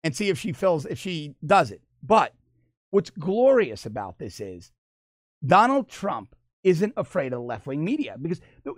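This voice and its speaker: A political commentator with a slightly high voice mocks his targets in an animated opinion monologue, laughing often as he goes. The recording is studio quality, without room sound.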